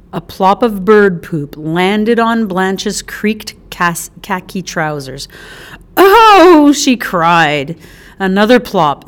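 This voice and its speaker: A woman narrating an audiobook with an expressive, animated delivery. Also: medium pitch, smooth.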